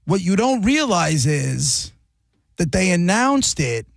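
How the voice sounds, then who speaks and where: A male radio host in casual, rambling banter, sarcastic, now and then mimicking people in a high squeal. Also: very animated, slow pace, vocal fry, no room sound. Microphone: studio mic.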